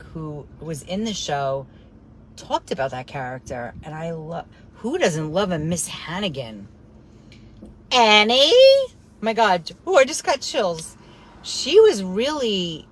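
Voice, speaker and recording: A lowish-voiced woman talks casually as a coach, blunt and excitable, swearing and drifting off on tangents. Steady background noise sits under her voice. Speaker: host, coach. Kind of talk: casual live-stream chat.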